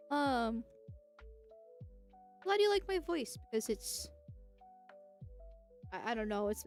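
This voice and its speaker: A young woman from the United States talking casually on a livestream, rambling and chatty with lots of restarts and laughs. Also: sits high. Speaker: political streamer.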